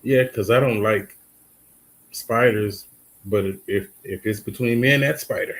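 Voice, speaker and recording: A man's voice: fairly low pitch, a little slow, poor audio. A man with a Cajun accent talking on a podcast in a laid-back, easygoing way, often restarting his sentences. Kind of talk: casual chat.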